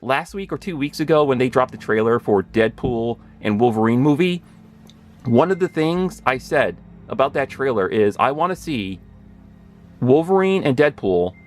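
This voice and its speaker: A man in his thirties gushing through a casual episode recap, rambling and correcting himself as he gets excited. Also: mid-range voice, moderate pace, soft background music. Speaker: pop culture video host.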